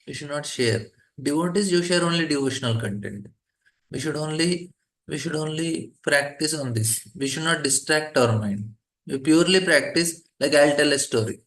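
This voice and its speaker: A man's voice: fairly high pitch, moderate pace, fairly bright tone. A man teaching a devotional scripture class in a loose, conversational way, often laughing and using fillers.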